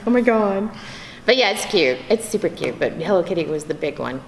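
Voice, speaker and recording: A woman voice actress telling stories in a convention interview, bubbly and animated, slipping into quick impressions. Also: on the low side, creaky. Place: convention venue. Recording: echoey convention room, faint background noise.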